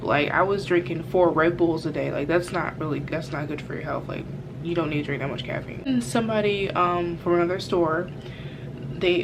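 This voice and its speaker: A young woman telling a casual storytime vlog, rambling with lots of fillers and frank cursing. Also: on the low side. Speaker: vlogger. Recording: background noise.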